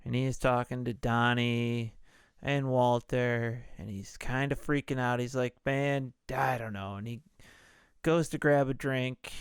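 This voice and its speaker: A man hosts a casual movie podcast and rambles loosely through the plot, swearing freely as he goes. He talks slowly in a clean, clear voice. The sound is dry and close, with no room around it. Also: medium pitch, no echo. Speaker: podcast host.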